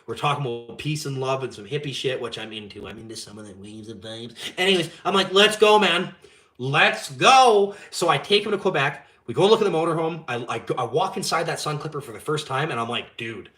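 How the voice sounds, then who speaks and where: A young man, hosting a live stream and telling a story in casual, animated chat, swearing freely and acting out the dialogue. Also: medium pitch, fast talker, hardly any pauses. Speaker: channel host.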